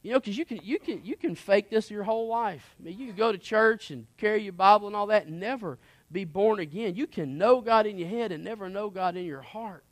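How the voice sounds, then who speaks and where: A man preaching and telling his personal testimony, earnest and impassioned, swinging between hushed moments and emphatic ones. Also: sits high, a little fast, hardly any pauses, no room sound.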